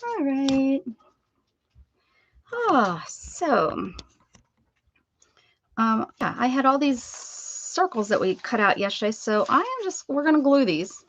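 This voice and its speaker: A woman's voice: highs cut off, slight background noise. A woman hosting a casual craft livestream, chatting to viewers and cooing at her dog as she works. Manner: chatty, coos at her dog in a high baby-talk voice.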